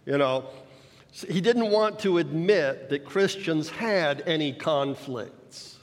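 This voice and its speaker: A man preaching a sermon, explaining scripture in a measured way with rhetorical emphasis. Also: a little high, expressive. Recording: long reverb of a large hall.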